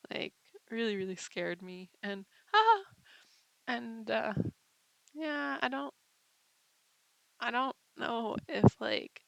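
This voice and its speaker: A woman's voice: on the high side, animated, takes it slowly, gravelly, pauses often, fairly bright tone, dry recording, low-quality recording. A young woman talking in a casual confessional vlog, rambling and hesitant with lots of fillers. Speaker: vlogger.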